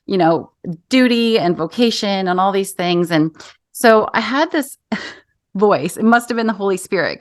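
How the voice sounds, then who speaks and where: A woman's voice: medium pitch, a bit bright, no room sound, studio quality. A woman in her thirties hosting an interview, telling a personal story in an earnest, conversational way. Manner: earnest storytelling, acts out quoted voices. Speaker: podcast host.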